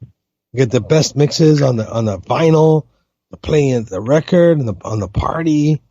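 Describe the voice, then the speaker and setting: A man's voice: mid-range voice, lively intonation, a little slow, mellow, no echo. A man guest in a casual call-in chat, rambling with laid-back slang. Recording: dull dry sound.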